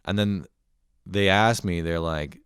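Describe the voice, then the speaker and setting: A man's voice: deep voice, slow pace, a bit bright, clean tone, no echo, studio quality. A man hosting a podcast, ranting casually and profanely, rambling with lots of "like" fillers. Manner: rambling, profane, heavy use of "like". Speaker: podcast host. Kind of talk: casual comedic rant.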